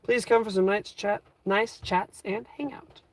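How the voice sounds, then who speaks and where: Speaking to his viewers through a phone, a twenty-something livestream host chats from inside his car in an upbeat, rambling style packed with fillers. He has a high-pitched voice, a steady tone and an unhurried pace.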